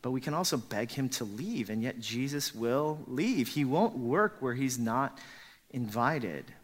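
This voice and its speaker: A man's voice: medium pitch, expressive, unhurried. A man preaching a sermon with dramatic emphasis, dropping to pleading whispers when he voices a character. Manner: rises to loud emphatic peaks.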